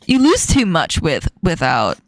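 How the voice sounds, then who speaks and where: A woman hosting a casual stream chat, playful and quick to laugh, asking her guest questions. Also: low-pitched, wildly swooping pitch, no room sound, studio quality. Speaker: streamer host.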